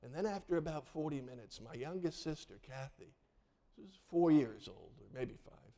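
A man's voice: medium pitch, lively intonation, moderate pace, vocal fry, dark tone. A man in his sixties, a pastor telling a childhood story in a sermon and acting out the people in it. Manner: storytelling, acting out voices of family in the tale.

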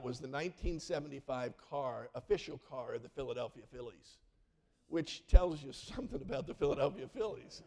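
Animated middle-aged male pastor preaching. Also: a little high. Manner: animated, acts out voices in his stories. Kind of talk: storytelling sermon.

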